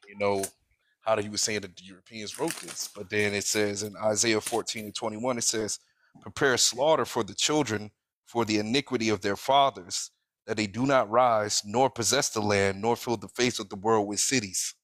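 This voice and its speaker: A man's voice: lowish voice, fairly even intonation, normal speed, fairly bright tone. A man adding a hesitant comment in a studio conversation and reading a scripture quote. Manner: hesitant, with fillers. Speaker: studio guest.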